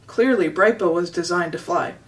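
A woman's voice: lowish voice, moderate pace, recorded from a distance, a little hiss or hum, low-quality recording. Woman reading a children's book aloud. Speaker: storybook reader.

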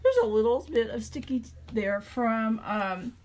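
A woman's voice: a little high, unhurried, a little mellow. A middle-aged woman with a Southern drawl, chatting through a craft tutorial and thinking aloud as she draws. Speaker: craft video host.

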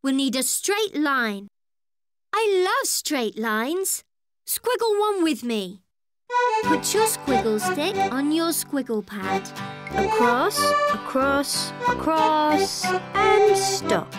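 Performer for a cheerful little drawing monster in a kids' cartoon, high and very lively. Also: over loud music, full character voice. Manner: cheerful, slow step-by-step drawing instructions. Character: friendly young drawing monster. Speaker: drawing guide. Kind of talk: children's cartoon voice acting.

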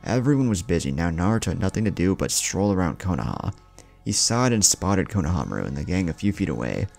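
A man narrating a fan fiction story in an expressive reading voice. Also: low voice, fast talker, creaky. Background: background music.

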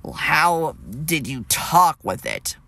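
A man's voice: a little high, wildly swooping pitch, slow, gravelly, bright, forceful tone, no echo, full character voice. A man voicing a smug, bossy male diesel engine with an oily, mocking way of talking.

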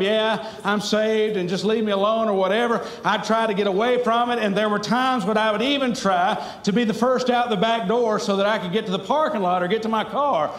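Preacher guy, high voice, earnest and pleading, bit of wry humor, echoey church room. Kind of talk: sermon. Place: church sanctuary.

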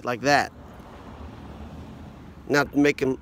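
A man's voice: on the high side, expressive, a little slow, fairly bright tone. A father patiently coaching and encouraging his young child in a casual home video, recorded outdoors in a yard.

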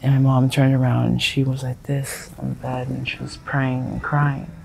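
Gravelly young man, rambling and repetitive. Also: mid-range voice, monotone, moderate pace, a little mellow, slight background noise, low-quality recording. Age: 20s. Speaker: interviewee. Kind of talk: street interview. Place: outdoors on a city street.

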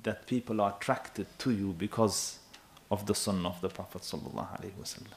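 A man in his thirties preaching a sermon in an animated, emphatic way, often checking with his listeners. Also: lowish voice, quick pace. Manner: animated and emphatic, with asides to the audience.

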